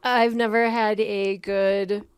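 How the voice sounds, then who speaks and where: A woman's voice: mid-range voice, flat delivery, takes it slowly, clear, resonant tone, dry recording, studio quality. A young woman co-hosting a podcast, talking frankly and casually, laughing often and swearing freely. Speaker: podcast co-host. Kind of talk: casual chat.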